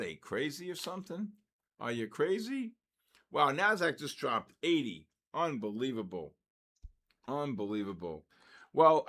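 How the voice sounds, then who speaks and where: A man's voice: mid-range voice, a bit bright. An older man from the Bronx, hosting a live trading stream and chatting casually with viewers between market calls. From the Bronx, New York.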